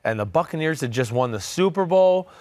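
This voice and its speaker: A man's voice: fairly high pitch, expressive, fairly quick, a little mellow, no room sound. A man in his forties, a podcast host and former quarterback, telling loose, rambling stories in casual sports talk. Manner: loose, rambling storyteller with many fillers.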